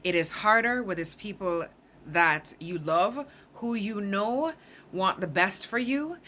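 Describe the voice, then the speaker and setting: A woman's voice: mid-range voice, takes it slowly, sharp tone. A woman talking to camera in a casual, reflective monologue, searching for words and often checking in with "right?". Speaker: spiritual self-help vlogger.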